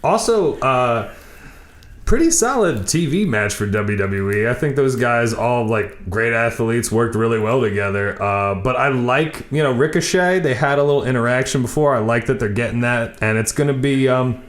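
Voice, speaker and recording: A man co-hosting a podcast in casual chat, animated, swearing freely and now and then breaking into silly voices. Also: medium pitch, normal speed, echoey room. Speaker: podcast co-host.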